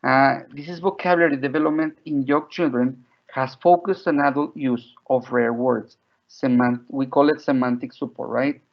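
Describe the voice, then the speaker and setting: Gravelly man teaching teachers. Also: medium pitch, steady tone, normal speed. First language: Spanish. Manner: chatty, frequent "right?" and "like". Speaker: teacher trainer. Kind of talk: online teacher training webinar. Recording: dull lo-fi audio.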